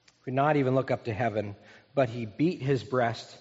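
A man preaching a sermon as a pastor, talking in a relaxed, storytelling way with pauses and restarts. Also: mid-range voice, breathy edge. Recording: dull, echoey hall recording.

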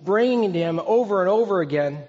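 In an echoey hall that dulls and muffles the sound with a long echo, a pastor in his fifties preaches earnestly and conversationally, posing questions to his listeners. His darkish voice sits a little high for a man, with lively intonation and a slightly fast pace.

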